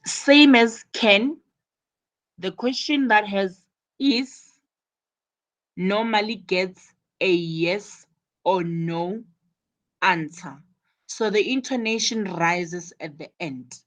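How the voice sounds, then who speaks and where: A woman teaching an English lesson, slowly spelling out words and acting out example phrases. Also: medium pitch, rough recording. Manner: slow, repeats and spells out words; acts out examples with bursts of energy. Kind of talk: live online English lesson.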